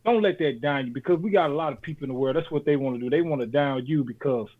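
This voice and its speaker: A man's voice: fairly high pitch, fast. Slangy man on a tinny line. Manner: loose, slangy, repeats "man" a lot. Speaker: podcast co-host. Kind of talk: casual motivational talk. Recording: tinny phone-like sound.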